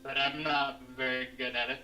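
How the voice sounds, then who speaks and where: A man's voice: mid-range voice, flat delivery, moderate pace, bright, forceful tone. A man telling wry, self-deprecating stories in a casual livestream chat. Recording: distant mic with faint music.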